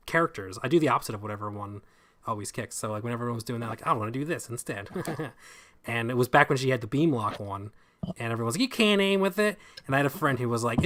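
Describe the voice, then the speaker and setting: A man hosting a live streamed chat show, talking casually and stumbling over his words. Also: medium pitch. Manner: animated, self-deprecating, stumbles over words. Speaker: show host. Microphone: streaming mic.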